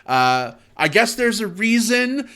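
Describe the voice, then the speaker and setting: Guy hosting a movie podcast, bright voice, swings up and down a lot, playful. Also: sits high, slow pace. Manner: animated, playful, filler-heavy. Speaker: podcast host. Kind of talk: casual chat.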